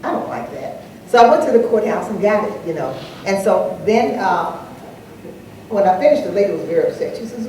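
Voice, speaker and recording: An older woman speaking on an anniversary panel, an animated storyteller who acts out the dialogue in her anecdotes. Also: medium pitch, a little fast. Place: large echoey hall, live event. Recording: echoey hall, distant mic, faint noise.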